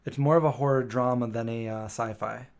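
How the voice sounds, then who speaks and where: Streamer host, male, mid-range pitch: casual, rambling, hesitant live-chat delivery. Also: steady tone, brisk, clean tone. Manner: chatty, rambling, lots of um and self-correction.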